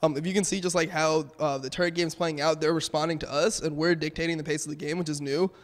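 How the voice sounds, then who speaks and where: A young man, a pro gamer, talking casually and quickly in a post-match interview, with lots of "um" and "like". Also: a little high, steady tone, in a large hall. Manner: fast, casual, filler-heavy.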